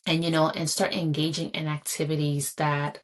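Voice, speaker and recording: Low-voiced woman giving earnest encouragement. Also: little pitch movement, normal speed. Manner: earnest, encouraging, repeats for emphasis. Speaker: podcast host. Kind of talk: solo motivational podcast talk.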